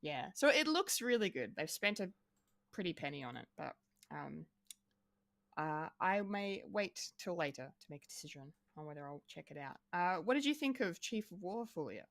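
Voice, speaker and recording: A woman's voice: lowish voice, sing-song, normal speed, gravelly, no echo, clean studio sound. A woman co-hosting a podcast, chatting casually with frequent ums and restarts. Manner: hesitant, many ums and restarts. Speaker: podcast co-host.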